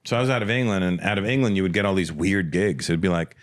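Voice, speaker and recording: A man's voice: low voice, fast. Man telling loose, profane stories. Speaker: podcast host. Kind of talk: casual chat, comic storytelling.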